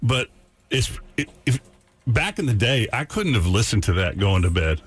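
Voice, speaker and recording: A man hosting a radio show, telling a rambling story with halting restarts in casual banter. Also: medium pitch, big pitch swings, slightly rough.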